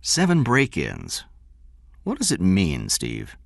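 A man's voice: sits low, wildly swooping pitch, slow, creaky, dry recording, clean studio sound, exaggerated voice. A man as a puzzled, musing detective. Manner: musing, wondering. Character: puzzled, chatty police detective.

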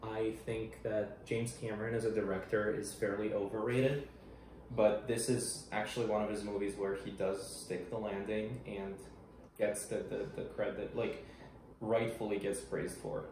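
A man's voice: lowish voice, flat delivery, moderate pace, darkish tone, slight background noise. A young man co-hosting a casual film review chat, laid-back and swearing casually, with hesitant restarts. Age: young adult. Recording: very echoey room, far from mic.

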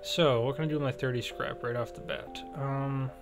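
A man talks his way through a game, thinking aloud and filling pauses as he goes. His voice sits at an ordinary middle pitch, and he slips in little self-deprecating jokes. Faint game music plays underneath. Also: fairly even intonation. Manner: thinks aloud, rambling with many fillers. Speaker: let's play gamer. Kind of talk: casual gameplay commentary.

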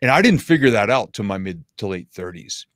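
A middle-aged man telling stories as a podcast guest, animated and self-deprecating. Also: lowish voice, fairly quick, no room sound, clean studio sound. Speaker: guest speaker. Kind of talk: casual interview storytelling.

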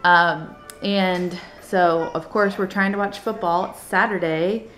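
A woman's voice: lowish voice, steady tone, slow pace, a bit bright, faint music behind. A young woman chatting to viewers in a casual family vlog at home, speaking into a handheld camera. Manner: chatty, talking straight to viewers. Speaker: family vlogger. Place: family home indoors on a rainy day. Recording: echoey room.

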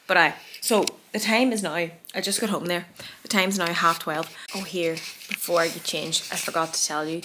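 A woman's voice: lowish voice, steady tone, moderate pace, bright, forceful tone, a little hiss or hum. A young woman, chatting to her phone camera in her bedroom, rambling and poking fun at herself. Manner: chatty, self-mocking, rambling. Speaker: vlogger. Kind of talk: casual vlog chat to camera. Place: bedroom at home.

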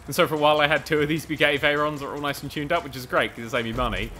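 A man commentating a video game race, excitable and sweary, rambling and mocking himself, a little out of breath. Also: fairly high pitch, very fast. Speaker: gaming commentator. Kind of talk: let's play commentary.

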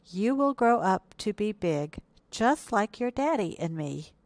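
A woman voicing a gentle, reassuring mother hippo in a children's storybook reading, speaking in a soothing, encouraging way. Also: mid-range voice, sing-song, unhurried, dry recording.

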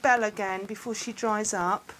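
A woman running a family farm, chatting casually with her family and teasing them with quick laughs. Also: mid-range voice, steady tone, background noise. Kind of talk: casual family chat on camera.

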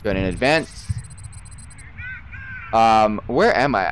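A young man streaming a football video game live, chatting to viewers, swearing and yelling at misses. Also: mid-range voice, moderate pace, slight background noise. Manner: excitable, swears and yells at misses. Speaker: gaming streamer.

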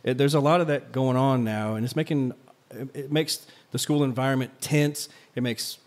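A man's voice: medium pitch, fairly even intonation, normal speed. A man, a history teacher and podcast co-host, chatting casually and telling stories with lots of "like" and "right?" asides, recorded live in a coffee shop. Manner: rambling, filler-heavy, "like" and "right?" asides. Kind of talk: casual storytelling chat.

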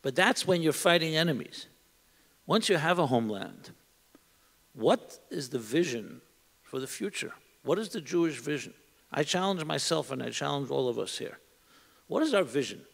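A man's voice: on the high side, vocal fry, a bit bright. A middle-aged man, a rabbi, giving an earnest, reflective talk to an audience in a synagogue hall, asking many rhetorical questions. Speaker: rabbi, panel speaker. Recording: long hall reverb.

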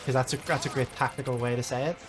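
A man's voice: medium pitch, steady tone, quick pace. A young Irish man chatting casually with a friend while gaming, joking and swearing freely. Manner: joking, swears freely, breaks into silly put-on accents. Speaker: gamer. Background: game music.

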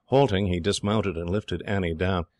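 A male narrator with a deep voice reads a scripted audiobook in steady, measured storytelling. The sound is clean studio audio with no echo.

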